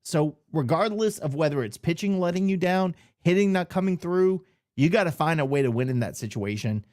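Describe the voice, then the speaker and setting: A man's voice: fairly high pitch, lively intonation, brisk, darkish tone. A man co-hosting a sports podcast, giving blunt, opinionated takes in casual chat. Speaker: podcast co-host.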